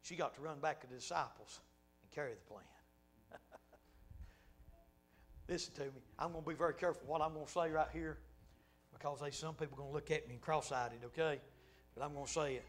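A man preaching a sermon, swinging from hushed asides to loud, laughing exclamations. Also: on the high side, brisk, pauses often.

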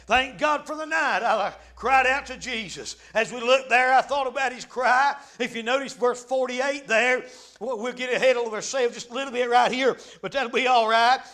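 Preacher guy, real high bright voice, fired up, amen after every other line, hollers now and then. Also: moderate pace. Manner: fervent, punctuated by frequent amens, bursts into shouts. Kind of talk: revival sermon.

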